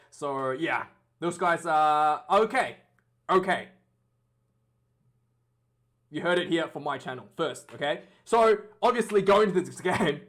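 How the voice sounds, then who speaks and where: Australian guy, high voice, chatty rugby vlogger who rambles and checks in with the viewers. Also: a bit bright. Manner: chatty, rambling, full of "uh" and "okay?" check-ins. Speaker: rugby channel host. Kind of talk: casual vlog preview chat.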